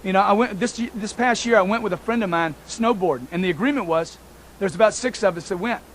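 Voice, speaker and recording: A man's voice: high-pitched, fast, slight background noise. A man giving a motivational talk, emphatic and repetitive, speaking straight to his listeners as folks.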